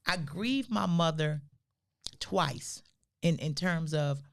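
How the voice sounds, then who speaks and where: An older woman co-hosting a podcast, telling family stories in a casual, animated way and acting out the quotes. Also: low-pitched, slow pace, creaky. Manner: animated storyteller who acts out quotes. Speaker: podcast co-host. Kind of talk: casual storytelling conversation.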